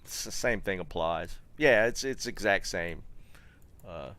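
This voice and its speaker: A man hosting a live game stream, chatting casually with viewers and trailing into fillers and restarts. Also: low-pitched. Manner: relaxed, chatty, halting with many fillers and restarts. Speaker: streamer host.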